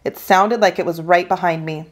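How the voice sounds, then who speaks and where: A woman teacher reading a children's novel aloud with steady, expressive storytelling. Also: fairly low pitch, normal speed. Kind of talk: children's book read-aloud.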